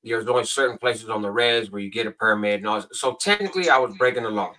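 Bright-voiced man telling a story. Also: quick pace, recorded from a distance. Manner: animated, acts out voices in a high pitch. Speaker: podcast guest. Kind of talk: casual storytelling. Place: home in Nevada.

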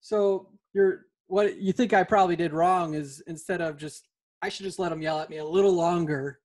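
A man's voice: sits high, fairly even intonation, moderate pace, darkish tone. A man hosting a podcast, telling stories in a rambling, casual way. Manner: rambling, filler-heavy storytelling. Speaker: podcast host, inspection company owner. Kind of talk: casual storytelling chat.

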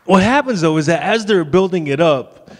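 A man's voice: fairly high pitch, lively intonation, normal speed, some chatter behind, slight background noise. A man in his thirties, a pastor giving a sermon in a casual, joking way with stammered restarts. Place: church sanctuary. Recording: long church hall reverb.

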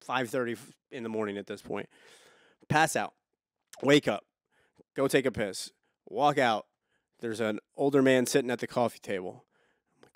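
A man's voice: mid-range voice, moderate pace, long pauses, no echo, studio quality. Rambling man telling crude stories. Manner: rambling, repeats words, crude humor. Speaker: podcast co-host. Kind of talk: casual storytelling chat.

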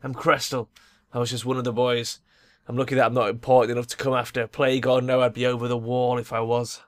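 A man's voice: medium pitch, close to an everyday voice. A man voicing a nervous runaway gang member from a video game, talking in an anxious, rambling way. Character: nervous young male gang member in hiding.

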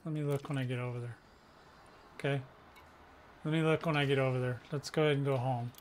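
A man's voice: medium pitch, steady tone, fast talker, a little mellow, slight background noise. A man hosting his own gaming channel, rambling through casual gameplay commentary with slang and jokes at his own expense. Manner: rambling, slangy, self-mocking.

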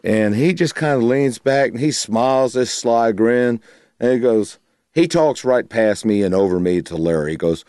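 A middle-aged man, a blues guitarist, telling a story in an interview, animated, laughing and acting out other people's voices. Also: mid-range voice, moderate pace, no room sound, clean studio sound.

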